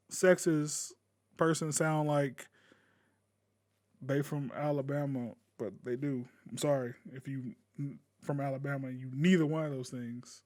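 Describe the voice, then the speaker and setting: A man ranting casually to camera as a gaming YouTuber, blunt and profane, with sudden loud bursts. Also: on the high side.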